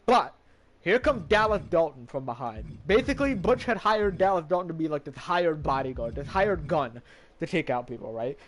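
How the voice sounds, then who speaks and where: A man's voice: fairly high pitch, expressive, normal speed, fairly bright tone. A man streaming a game, casually recapping its story in a rambling way, restarting sentences and swearing now and then.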